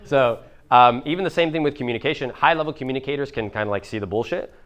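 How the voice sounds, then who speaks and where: A man's voice: mid-range voice, fairly bright tone. A young man with a Miami accent coaching a live seminar audience, casual and profane, full of fillers. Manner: casual, profane, fast, many fillers like "like" and "bro". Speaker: business coach.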